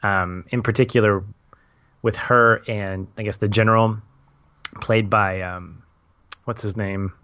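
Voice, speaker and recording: A man's voice: fairly low pitch, steady tone, unhurried, long pauses, fairly bright tone, clean tone, no echo. A young adult man in a casual film discussion, thoughtful and rambling, laughing easily. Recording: dull lo-fi audio.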